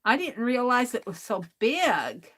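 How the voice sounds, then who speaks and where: This craft livestream host, a middle-aged woman, opens mail on camera in a fairly high, bright, sing-song voice that moves a little slowly. She laughs often while chatting casually to herself and her audience.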